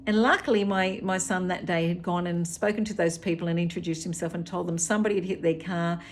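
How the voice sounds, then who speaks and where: A woman's voice: lowish voice, steady tone, quick pace, slight background noise. A middle-aged Australian woman, a hypnotherapist, telling a personal story in a chatty, unscripted way with fillers and restarts.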